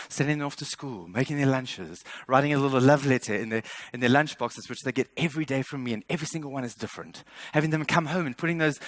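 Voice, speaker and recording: A man in his fifties giving a motivational keynote speech. He speaks earnestly and with emphasis, and sometimes repeats words as he builds a point. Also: mid-range voice. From South Africa. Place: stage at a speaker showcase.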